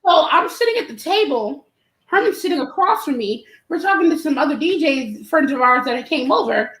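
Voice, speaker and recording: A woman guest, an event promoter, telling an animated story with laughter. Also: sits high, a little fast. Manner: animated, laughing, acts out quotes. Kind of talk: casual storytelling. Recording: roomy echo.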